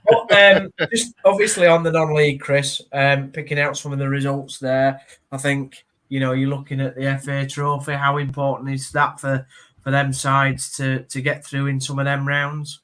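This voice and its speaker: A man's voice: mid-range voice, flat delivery, a bit bright, smooth. A man with a Yorkshire accent hosting a football show, reading results and chatting casually. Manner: rapid, halting with fillers and restarts.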